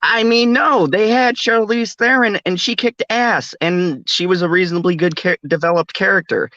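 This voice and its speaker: Guy hosting a late night chat, rambles and laughs a lot, bright voice, kinda muffled. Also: high-pitched, moderate pace, no room sound. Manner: laughs often, rambling, does a mock Australian accent. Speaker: podcast host.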